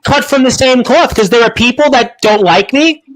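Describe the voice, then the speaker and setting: A very high-voiced man hosts a heated panel chat, his voice strained from use. He tries to calm tempers, talking over the others. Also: moderate pace, a little hiss or hum, rough recording.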